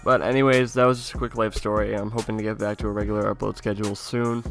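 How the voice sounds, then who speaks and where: A man's voice: lowish voice, quick pace, vocal fry, soft background music. A young man casually telling a funny story from his childhood to his viewers, often laughing and swearing a little as he talks. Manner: laughing through an animated anecdote, casual swearing. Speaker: YouTuber.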